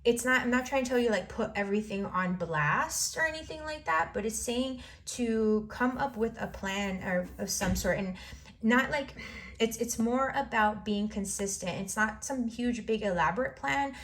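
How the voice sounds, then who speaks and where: A woman's voice: a little high, moderate pace, a bit bright. Lady doing a tarot reading, encouraging, kinda rambly, repeats herself a lot. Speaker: tarot reader.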